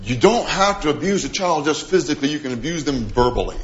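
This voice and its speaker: A middle-aged man preaching a sermon, animated, acting out quoted voices and dropping to a soft voice for emphasis. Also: a little high, fast, highs cut off.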